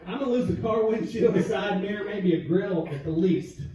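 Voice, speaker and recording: A middle-aged man from the South, performing a stand-up comedy set with punchy storytelling and quick comic voices. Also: sits high, animated, dark tone, far from the mic. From American South. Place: comedy club stage. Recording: echoey club with crowd noise, lo-fi. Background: audience laughter.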